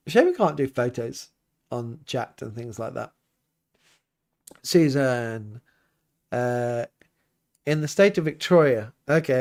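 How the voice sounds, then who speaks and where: A man, a priest hosting a relaxed livestream, reading viewer comments aloud and chatting back with an easygoing, often laughing manner. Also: mid-range voice. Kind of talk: casual livestream chat. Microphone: livestream mic.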